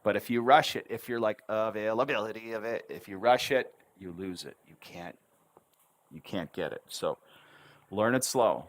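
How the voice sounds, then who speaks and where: A man's voice: on the low side, a little slow. A man teaching English pronunciation on a livestream, repeating words syllable by syllable with encouraging asides. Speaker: English tutor.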